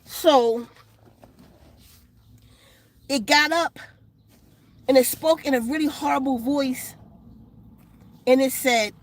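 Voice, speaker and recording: A woman's voice: high-pitched, slow pace, pauses often, slight background noise. A woman vlogger telling a story in casual, blunt, profane street slang, outdoors in the sun.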